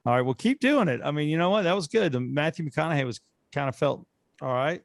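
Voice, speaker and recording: Man, podcast co-host, gravelly and dry-miked. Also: a little high, expressive, quick pace, no echo. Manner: joking, self-deprecating, rambling. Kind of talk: casual chat.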